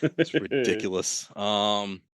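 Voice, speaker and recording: A man with a fairly low voice, chatting loosely as a podcast guest. He rambles, cuts himself off and laughs often. The sound is dry and close on a studio mic. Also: expressive, takes it slowly, no echo. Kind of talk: casual chat.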